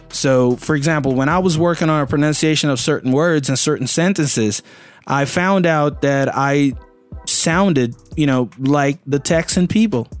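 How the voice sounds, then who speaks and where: A man in his thirties from Brazil with a Brazilian Portuguese accent, a native Portuguese speaker giving a casual, animated English pronunciation lesson and often asking the listener questions. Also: a little high. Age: 30s. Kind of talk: casual spoken lesson to camera.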